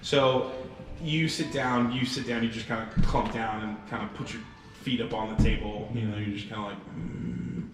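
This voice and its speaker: Game master narrating in an echoey room. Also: male voice, fairly low pitch, flat delivery, normal speed, noisy background. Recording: roomy, distant mic, music behind.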